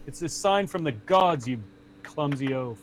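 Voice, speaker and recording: Man playing stubborn wounded knight, gruff, insistent, raised higher voice, tabletop role-play. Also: expressive, measured pace, a little hiss or hum. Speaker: game master.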